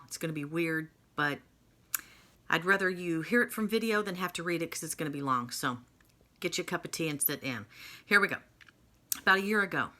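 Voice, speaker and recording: A woman's voice: low-pitched, sharp tone. A woman casually telling her own story to camera at home, chatty with self-mocking humor.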